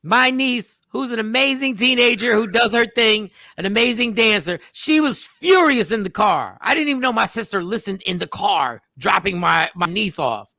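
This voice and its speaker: A man hosting a radio show in casual chat, animated and emphatic, often repeating himself. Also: sits high, normal speed, few pauses, dry recording, clean studio sound. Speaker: host.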